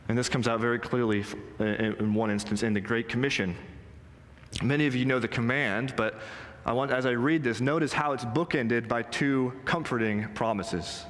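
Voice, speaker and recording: A male pastor delivers an earnest, emphatic sermon in a mid-pitched voice. He slows down and leans into the lines he quotes. His voice rings out with the long reverb of a church sanctuary. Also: steady tone, fairly bright tone. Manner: emphatic, earnest preaching with slow stressed quotes.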